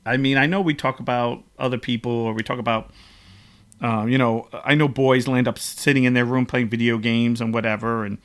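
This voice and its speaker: A man's voice: medium pitch, fairly even intonation, a little fast, fairly bright tone. A man hosting a podcast, telling stories in an emotional, rambling casual chat. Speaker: podcast host.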